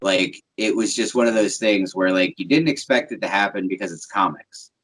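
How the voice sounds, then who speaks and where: Husky man rambling on a podcast. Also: deep voice, moderate pace, fairly bright tone, rough recording. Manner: rambling, swears casually. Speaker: podcast cohost. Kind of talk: casual podcast chat.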